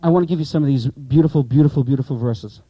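A man's voice: mid-range voice, rapid-fire, dark tone, breathy edge, no room sound, rough recording. A man teaching a class of pastors about Bible Greek, explaining with rhetorical questions and asides to the students.

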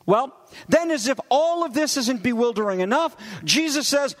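A man preaching a conversational sermon as a pastor, acting out quoted voices with lively shifts. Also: extremely high pitch, normal speed, big-room sound.

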